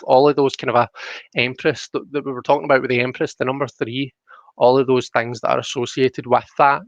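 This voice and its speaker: A man's voice: mid-range voice, dry recording. Chatty Scottish man, dull dry stream audio. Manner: chatty, explanatory, full of "you know" fillers and restarts. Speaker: tarot reader on a livestream. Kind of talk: live-streamed tarot explanation.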